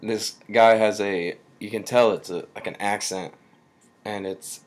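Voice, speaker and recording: Male podcast co-host, relaxed and jokey, unhurried low voice. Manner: laid-back, joking, laughs often. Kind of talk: casual chat.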